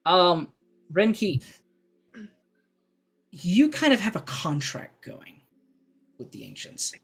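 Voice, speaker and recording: A man's voice: high voice, wildly swooping pitch, takes it slowly, vocal fry, fairly bright tone, husky. A man narrating as game master of a tabletop game on a live stream, rambling with frequent restarts and asides.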